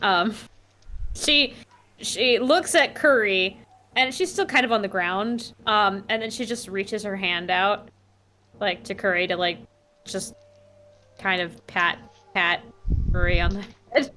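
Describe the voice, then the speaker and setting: Slow-talking woman playing a tabletop game. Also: mid-range voice, sharp tone. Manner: hesitant, many fillers and giggles. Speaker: player.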